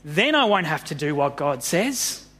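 A man's voice: fairly high pitch, big pitch swings, unhurried, bright, forceful tone, full character voice. A man doing a sulky stubborn prophet. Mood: scheming. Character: reluctant grumpy prophet, young man.

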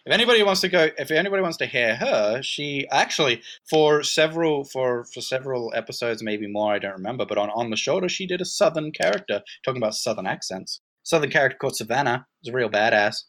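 A man's voice: mid-range voice, animated, fast talker, hardly any pauses, a bit bright. A man hosting a casual movie-review podcast, talking animatedly and laughing often. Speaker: podcast host.

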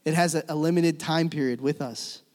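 Pastor guy preaching, kinda high voice, big echoey hall, goes loud then real quiet. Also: moderate pace. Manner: dramatic shifts between loud emphasis and hushed tones. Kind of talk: sermon. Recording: long reverb of a church hall.

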